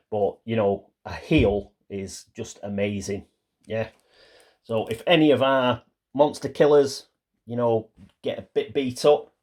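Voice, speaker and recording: A man hosts a relaxed solo playthrough of a board game, chatting his way through each card. He reads the rules and story text aloud and now and then trips over a word before carrying on. His voice sits at an ordinary middle pitch. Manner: chatty, stumbles and restarts while reading small card text. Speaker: board game player and channel host. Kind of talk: casual solo playthrough commentary, reading cards aloud.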